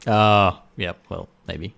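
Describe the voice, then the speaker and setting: A man co-hosting a podcast, telling jokes in casual chat, animated and swearing. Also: low voice, slow, gravelly. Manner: animated storyteller, swearing, laughs at his own jokes. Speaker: podcast co-host.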